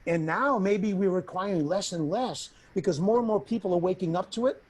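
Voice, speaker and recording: Male guest, animated storyteller, frank and profane, plays the people he quotes. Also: high-pitched, fairly quick, husky. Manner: lively, blunt, swears freely, acts out quoted people. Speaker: interview guest. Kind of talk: animated personal storytelling in an interview.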